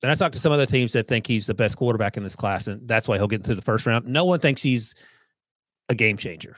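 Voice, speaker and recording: A man's voice: mid-range voice, fast, no echo, studio quality. A man who analyzes the football draft, talking confidently and opinionated in a casual podcast chat. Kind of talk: casual sports talk.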